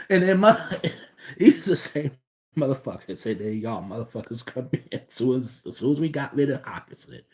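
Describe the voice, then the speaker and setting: A man giving a casual, profane reaction rant as a sports fan vlogger, swinging between loud outbursts and low muttering. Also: big pitch swings, normal speed.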